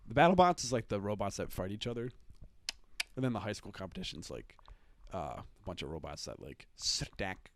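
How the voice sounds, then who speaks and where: A man's voice: lowish voice, very animated, brisk, slight background noise. A man hosting a podcast, chatting casually, joking and swearing often. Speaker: podcast host. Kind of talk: casual chat.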